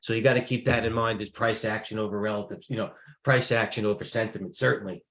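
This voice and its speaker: A man's voice: lowish voice, steady tone, fast, a bit bright, roomy sound. A man trading live, talking through his positions in a rambling way, restarting his sentences and thinking aloud. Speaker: trader.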